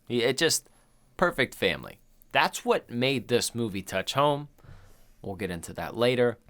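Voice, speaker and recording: A man's voice: medium pitch, a bit bright. Thirties male podcast co-host, loose and profane, rambling chat delivery. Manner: loose, profane, rambling retelling with quoted voices. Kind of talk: casual chat.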